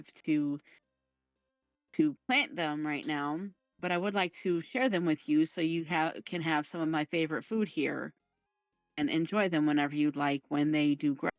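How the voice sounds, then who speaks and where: A woman's voice: low voice, dry recording. A woman playing a tabletop game, rambling in character with lots of asides. Her voice comes through a dull, slightly muffled mic in a dry space. Faint music sits behind her. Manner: rambling and chatty. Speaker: player.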